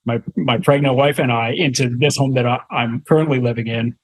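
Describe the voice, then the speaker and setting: A man's voice: mid-range voice, fairly quick, low-quality recording. A Canadian man in his thirties, a guest on an interview show, telling a story casually with many fillers and restarts. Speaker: guest real estate investor.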